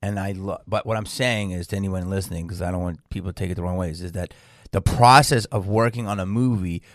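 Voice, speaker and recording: A man hosting a podcast interview, talking in a casual, animated and emphatic way as he tells stories. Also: deep voice, quick pace, no room sound, clean studio sound. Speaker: podcast host.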